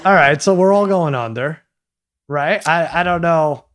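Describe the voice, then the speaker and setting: A man hosting a relaxed podcast conversation, with a voice pitched a bit high for a man. He tells stories in a jokey, animated way. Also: unhurried, soft background music. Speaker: podcast host. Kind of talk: casual chat.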